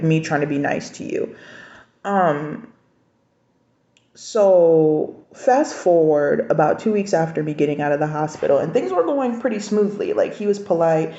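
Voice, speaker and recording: A woman's voice: sits low, gravelly, mellow. A young adult woman telling a personal story in a candid, conversational vlog, acting out the lines of people in it. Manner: candid, conversational, recounting dialogue. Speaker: vlogger. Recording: echoey room, dull lo-fi sound.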